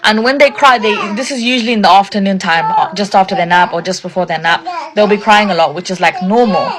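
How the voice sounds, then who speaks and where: Young woman, casual indignant storyteller, middle pitch, filler-heavy. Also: fast. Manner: indignant, chatty, lots of "like" fillers.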